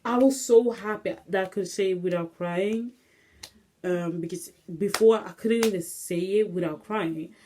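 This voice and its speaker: A woman's voice: mid-range voice, a little slow, warm tone, a little hiss or hum. A young woman hosting her own casual solo podcast, rambling and restless with many fillers, recorded on a phone. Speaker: podcast host. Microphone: phone camera.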